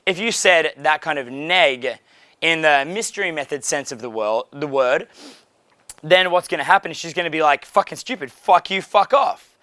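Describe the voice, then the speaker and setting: A man's voice: on the high side, moderate pace, pushed and bright, smooth, dry recording. A young man coaching a small group in a casual way, blunt and profane, with frequent fillers. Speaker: dating coach.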